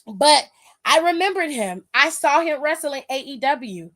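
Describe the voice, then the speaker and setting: A woman's voice: high voice, animated, moderate pace, pushed and bright. A woman hosting a wrestling aftershow, giving casual, emphatic, profane live-stream commentary and reading viewer comments aloud.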